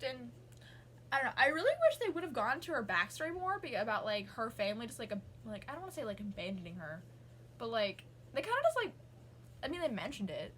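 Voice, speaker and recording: A young woman talks at home in a loose, rambling vlog voice, piling on fillers as she gushes about things she loves. Her voice sits a little high, and a faint hiss runs under the recording. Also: big pitch swings, fast, fairly bright tone. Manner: rambling, gushing, many fillers. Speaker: vlogger. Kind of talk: casual chat.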